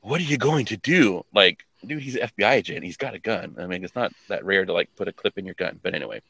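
Man, podcast co-host, low voice, dry close sound, rambling casual recap, lots of fillers. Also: lively intonation, fast talker, gravelly, bright, forceful tone, slightly rough, no room sound. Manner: rambling, many "like" fillers, quotes characters in offhand voices. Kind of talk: casual episode recap chat.

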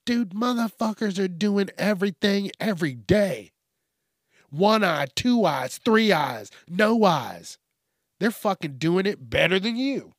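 Profane male podcast host, slightly higher voice, unhurried, rambling. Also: animated, dry recording, studio quality. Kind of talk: casual ranting monologue.

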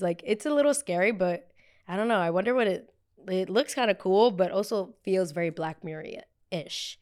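A woman's voice: mid-range voice, animated, a little fast, darkish tone, smooth. A young woman hosting a casual pop culture chat, rambling and chatty with sassy asides. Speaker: podcast host.

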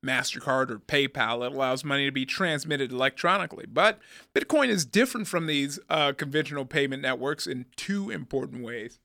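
A man's voice: mid-range voice, lively intonation, fairly quick, gravelly, few pauses, bright, forceful tone, no echo, studio quality. A man in his thirties co-hosting a podcast, rambling and joking, laughing often. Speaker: podcast co-host. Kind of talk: casual chat.

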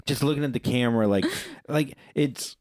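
A man co-hosting a podcast, telling a rambling story in casual chat and acting out quoted voices in a higher pitch. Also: moderate pace, darkish tone, no room sound, studio quality. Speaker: podcast co-host.

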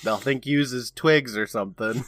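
A man's voice: mid-range voice, moderate pace, a bit bright, no echo. A laid-back man in casual podcast chat who keeps agreeing and laughing along. His voice sounds dry and close, with no room sound around it. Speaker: podcast co-host.

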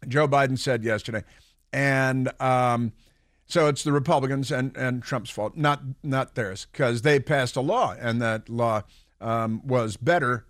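A man's voice: mid-range voice, fairly bright tone, dry recording, clean studio sound. A man hosting a political talk radio show, rambling and sarcastic, with mocking asides.

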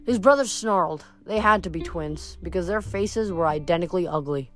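A woman narrating a novel aloud in a lively storytelling manner with occasional small slips. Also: fairly low pitch, fairly quick, few pauses, soft background music. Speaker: audiobook narrator.

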